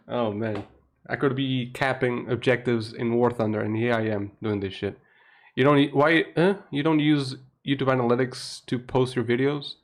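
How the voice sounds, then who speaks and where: A young man from Portugal with a Portuguese accent, keeping his voice low at night while chatting on a live stream, laughing often and swearing casually. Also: fairly even intonation, normal speed. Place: home room at night.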